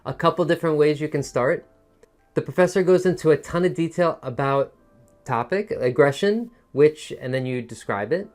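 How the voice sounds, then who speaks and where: A man teaching an online test-prep lesson, with a musical voice that rises and falls, a soft tone, and a pace that speeds up and slows down for emphasis. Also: fairly high pitch, soft background music. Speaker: TOEFL teacher.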